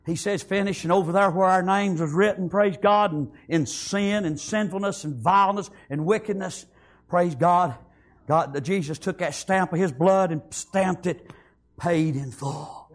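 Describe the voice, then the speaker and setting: A man preaching a sermon, fervently repeating praise and amen and rising to shouts. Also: high voice, measured pace.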